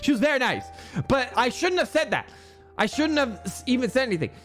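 A man's voice: very high-pitched, very animated, brisk, fairly bright tone, soft background music. A young man streaming a game, chatting casually in a rambling way with many fillers and frequent swearing. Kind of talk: casual chat while gaming.

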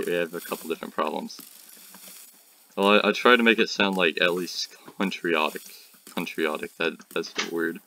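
Teenage boy, gaming commentary, deep-pitched, bright tense tone, rambling, jokey. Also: gravelly. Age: teen. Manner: rambling, jokey, talks to enemies on screen. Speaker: gaming channel host. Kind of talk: casual gameplay commentary.

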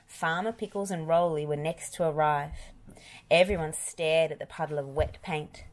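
A woman reads a children's picture book aloud in a gentle, expressive way. Her voice sits a little low. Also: moderate pace, no room sound. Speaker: storybook reader. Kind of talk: children's read-aloud narration.

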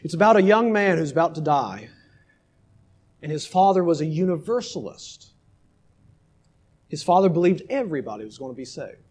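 Male pastor, sermon, high voice, emphatic swings from loud to hushed. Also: big pitch swings, normal speed, long pauses.

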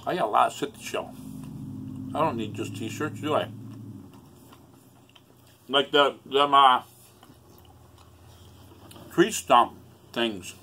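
A man's voice: mid-range voice, slow, pauses often, sharp tone, slight background noise. A man rambling emotionally in a solo vlog, swearing often and close to tears. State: upset, near tears. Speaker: YouTuber.

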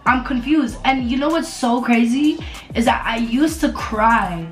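A woman telling a casual storytime on camera, animated and profane, repeating herself for emphasis. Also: a little high, unhurried. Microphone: camera mic. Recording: roomy echo, faint music behind.

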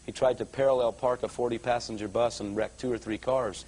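A man giving a conversational sermon testimony at a live church service, his storytelling growing excited and louder. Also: medium pitch, brisk, a little hiss or hum, rough recording. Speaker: guest speaker giving a testimony.

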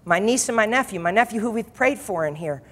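Male preacher, emphatic sermon delivery with repeated lines; light, higher voice; large reverberant hall. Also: animated, fast, a bit bright. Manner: emphatic, repeats phrases for effect.

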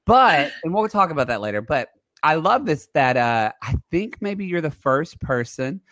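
A podcast host in his thirties chats casually, telling rambling stories full of fillers. His voice is fairly high, very animated and a bit bright, at a moderate pace, with no room sound.

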